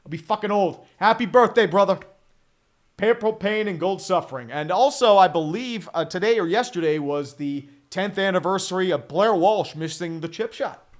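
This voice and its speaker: A high-pitched man in his thirties calls the game play by play as a fan streamer, swearing freely. He sounds exasperated and slips into sarcasm between plays. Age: 30s. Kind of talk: live fan play-by-play commentary.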